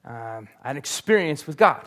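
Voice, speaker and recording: A man's voice: on the high side, big pitch swings, fairly quick, a bit bright. A man preaching a sermon as pastor, earnest and confessional, building to emphatic peaks.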